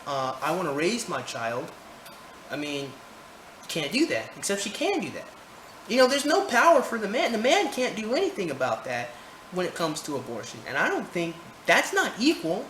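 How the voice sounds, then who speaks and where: A man's voice: very high voice, a bit bright. A man ranting his opinions to camera, heated, profane and rambling, recorded indoors. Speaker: vlogger. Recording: roomy echo, faint background noise.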